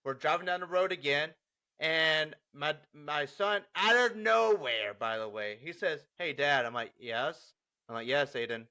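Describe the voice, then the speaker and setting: A man's voice: a little high, a little slow, smooth. A young adult man co-hosting a podcast, casually telling funny stories about his son, acting out the dialogue and laughing often. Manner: animated, laughing, acts out dialogue. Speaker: podcast co-host. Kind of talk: casual storytelling chat.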